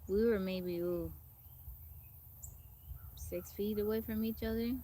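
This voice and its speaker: Hosting a casual outdoor stream in a forest, a woman chats with viewers, greeting them by name and reading their comments aloud. She speaks slowly in a warm, steady, medium-pitched voice.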